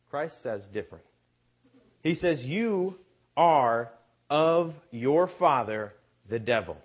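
A man preaching a sermon with emphasis, pausing to ask his listeners rhetorical questions. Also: mid-range voice, husky. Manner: slow, emphatic, asks the congregation rhetorical questions. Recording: dull lo-fi recording.

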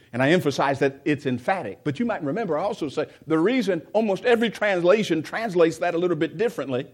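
A man preaching a sermon in a conversational way, often putting questions to the congregation and restarting his sentences. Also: on the high side. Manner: many restarts and repeated words.

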